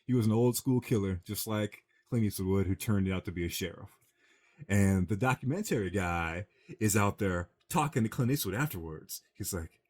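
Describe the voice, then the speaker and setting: Deep-voiced man, loose rambling storyteller for a casual gaming chat show; drops even lower when he acts out the quotes. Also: normal speed. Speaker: podcast co-host. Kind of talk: casual chat retelling a film.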